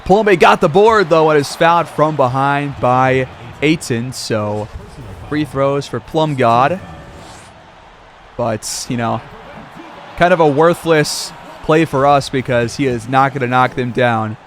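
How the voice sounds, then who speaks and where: A man's voice: medium pitch, slow, pauses often, slight background noise. A man calling a simulated basketball game play-by-play like a sportscaster, with casual asides. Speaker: gaming video creator.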